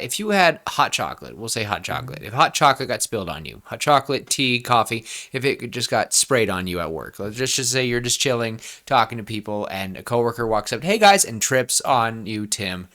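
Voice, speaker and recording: A man in his twenties co-hosting a podcast, brainstorming in a rambling, excitable way with lots of restarts. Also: on the low side. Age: 20s. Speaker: podcast co-host. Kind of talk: casual brainstorming chat.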